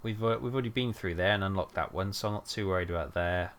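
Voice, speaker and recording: A man's voice: low-pitched, fast, a bit bright. A man streaming a trucking game, rambling and thinking aloud with lots of fillers. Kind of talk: casual gameplay chat.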